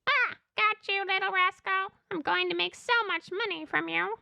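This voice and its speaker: Woman putting on a sneering squeaky alien hunter. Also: normal speed, creaky, pushed and bright, no echo, exaggerated voice. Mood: gloating.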